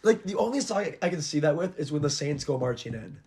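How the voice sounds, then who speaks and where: A man's voice: a little high, big pitch swings, quick pace, background noise. A man co-hosting a podcast while sick, his voice off, chatting in a laid-back, joking way. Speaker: podcast co-host. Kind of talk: casual chat.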